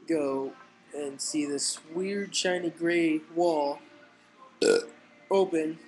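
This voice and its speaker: A teenage boy telling jokes in a casual, rambling way, halting with fillers and restarts. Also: a little high, rough recording. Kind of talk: casual stand-up style joke telling.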